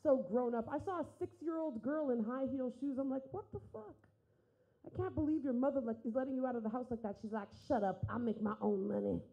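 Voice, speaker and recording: Young woman, stand-up comic, brash, profane, high-pitched, dark mellow tone, acts out voices. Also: expressive, quick pace, highs cut off. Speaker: stand-up comedian. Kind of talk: stand-up comedy set.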